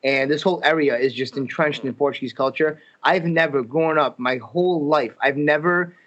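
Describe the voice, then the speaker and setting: A man from Massachusetts chats as a comedian guest on a podcast, with a slightly raised pitch. He tells stories in an animated way and acts out what people said. His audio comes through a little dull and muffled. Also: normal speed. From Fall River, Massachusetts. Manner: animated storyteller, acts out quotes. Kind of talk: casual podcast chat.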